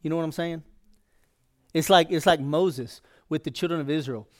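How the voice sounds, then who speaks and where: A man's voice: on the high side, moderate pace. A male pastor preaching a sermon in a folksy, conversational way.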